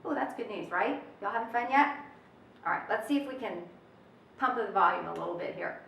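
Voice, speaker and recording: A woman's voice: medium pitch, animated, a little fast, gravelly, a bit bright, slight background noise. Upbeat woman teaching, echoey room. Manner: upbeat, chatty, with folksy asides. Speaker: test prep teacher. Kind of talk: recorded lesson. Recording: roomy echo, mic at a distance.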